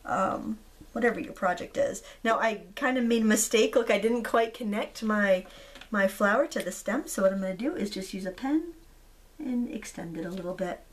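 Hoarse woman chatting through a craft tutorial. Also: mid-range voice, moderate pace. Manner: chatty, relaxed, frequent ums. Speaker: craft video host. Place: indoors at a craft table.

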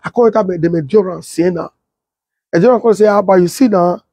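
A young adult man with a Nigerian Pidgin English accent, telling a story and acting out the voices of others in a husky tone. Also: brisk, no echo. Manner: switches to high excited voice when quoting others. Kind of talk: animated storytelling with acted-out quotes.

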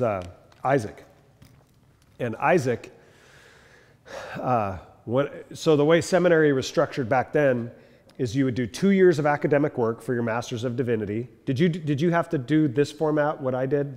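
In a lecture hall with long reverb, a man teaches a class in animated style, telling anecdotes and acting out the people he quotes. His voice is medium in pitch with a darkish tone.

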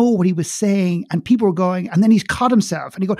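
A man who is a guest speaker and coach, telling a story in conversation in an animated way and repeating words when wound up. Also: high-pitched, fairly quick, hardly any pauses, no room sound, studio quality.

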